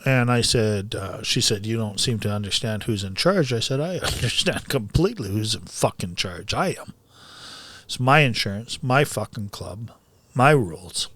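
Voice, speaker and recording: A man's voice: lowish voice, lively intonation, moderate pace, fairly bright tone. A man who coaches boxing, talking bluntly and with lots of swearing in a casual podcast chat, often heated.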